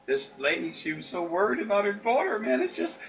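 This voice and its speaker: Rambling folksy man, bright tone. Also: high-pitched, expressive, brisk, gravelly, far from the mic, poor audio. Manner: rambling, folksy, acts out quotes in stories. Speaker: spiritual consultant. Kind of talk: casual rambling talk.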